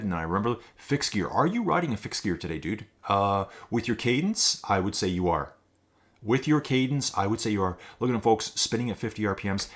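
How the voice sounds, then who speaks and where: A man hosting a live stream, giving upbeat, chatty commentary on a virtual cycling race and reading out rider names and viewer chat as he goes. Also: lowish voice. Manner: chatty, upbeat, keeps addressing viewers as folks; reads viewer names and chat aloud on the fly. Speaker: race commentator and channel host.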